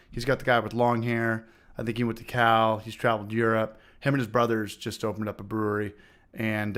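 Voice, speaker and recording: On his homebrewing channel's livestream, a male host chats casually and reads out comments from viewers. He speaks at a medium pitch with a clear, resonant tone, swearing freely, repeating himself, giving shout-outs, and now and then battling a smoker's cough.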